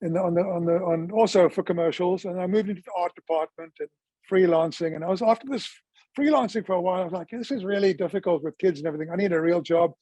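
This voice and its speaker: High-voiced man in his sixties. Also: fast talker, dark tone, no echo, low-quality recording. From South Africa. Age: 60s. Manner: chatty storyteller who acts out quoted dialogue. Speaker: interviewee. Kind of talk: casual life-story interview.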